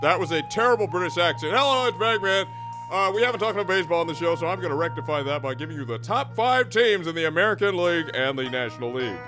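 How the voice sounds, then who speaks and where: A man presents a mock sports countdown on a podcast, dropping quick jokey asides. His fairly high voice is lively, and guitar music plays clearly behind him. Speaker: podcast co-host doing a sports segment.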